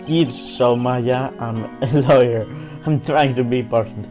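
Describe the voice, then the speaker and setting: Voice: medium pitch, fairly even intonation, unhurried, dark tone, soft background music. A let's player giving casual, sarcastic commentary over a game. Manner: joking, sarcastic asides.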